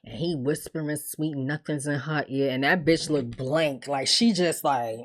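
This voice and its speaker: Blunt, animated woman recapping TV. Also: low voice, a little slow. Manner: animated, blunt and profane, acts out characters' lines. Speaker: TV recap host. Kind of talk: casual recap chat.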